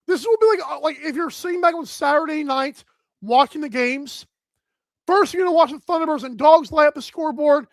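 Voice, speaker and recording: A man hosting a live sports betting talk show, energetic and outspoken as he runs through his picks. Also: extremely high pitch, fairly quick, no room sound. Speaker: host.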